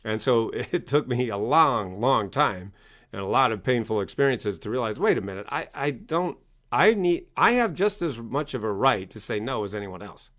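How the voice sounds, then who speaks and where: Male speaker and coach, animated storyteller, mid-pitched voice, chatty interview answer. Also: normal speed. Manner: animated storytelling, acts out quoted parents loudly.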